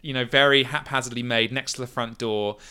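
A man hosting and running a tabletop game with a bright, crisp and smooth voice. He talks in a casual, jokey way and drops wry asides. The sound is close and dry. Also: medium pitch, fairly even intonation, fairly quick, dry recording. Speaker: podcast host and game master. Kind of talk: casual podcast chat and game narration.

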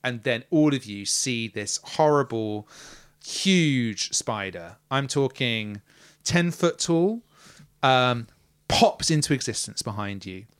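A man narrating as game master and hosting the podcast, an animated storyteller who acts out sound effects. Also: mid-range voice, takes it slowly, clear, resonant tone.

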